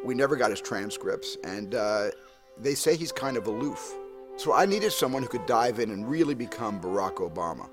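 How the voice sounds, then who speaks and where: A man's voice: fairly low pitch, animated, moderate pace, close to an everyday voice. A man in a comedy sketch playing a famous film director, speaking with dry, wry humor over music.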